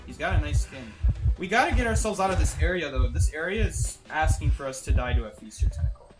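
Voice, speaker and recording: A man's voice: fairly high pitch, lively intonation, fast talker, music in the background. A man streaming a game live, commenting on his play and joking with chat, laughing often from a basement room.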